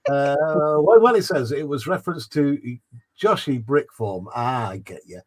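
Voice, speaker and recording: A man's voice: medium pitch, animated, normal speed, husky. A man hosting a livestream, reading chat messages aloud with frequent laughs and fillers. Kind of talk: casual chat.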